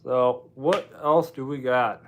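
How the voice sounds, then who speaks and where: A man's voice: mid-range voice, steady tone, takes it slowly, slight background noise. A man hosting a casual livestream, chatting with viewers in a rambling, self-deprecating way. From United States. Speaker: livestream host. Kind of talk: casual live chat with viewers.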